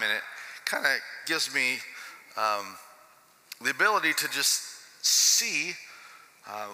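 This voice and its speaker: A man's voice: mid-range voice, bright, forceful tone, in a large hall, rough recording. A man preaching a sermon emphatically, often repeating key phrases for effect.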